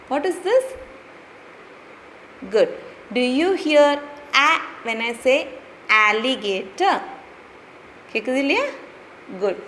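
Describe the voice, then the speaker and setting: A woman teaching young children a phonics lesson, patient and drawn-out, repeating each word. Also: sits high, a bit bright. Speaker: preschool teacher. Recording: faint hiss, long reverb room.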